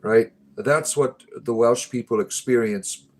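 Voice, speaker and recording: A man's voice: medium pitch, measured pace, a little mellow. A man hosting a livestream, chatting casually and jokingly with viewers in a rambling way with many fillers and restarts. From United States. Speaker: livestream host.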